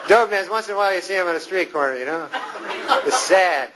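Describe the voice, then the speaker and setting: Deadpan young Canadian stand-up, higher voice. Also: male voice. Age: 20s. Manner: deadpan, rambling, with drawn-out pauses. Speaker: stand-up comedian. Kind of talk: stand-up set. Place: comedy club stage with live audience. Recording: loud crowd laughter and noisy live room.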